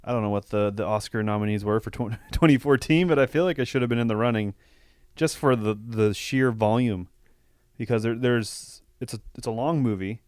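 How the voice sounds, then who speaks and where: A man co-hosting a podcast in casual chat, earnest and halting, steering the discussion. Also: medium pitch, a little mellow, clear, resonant tone, no echo, studio quality. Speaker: podcast co-host steering the talk.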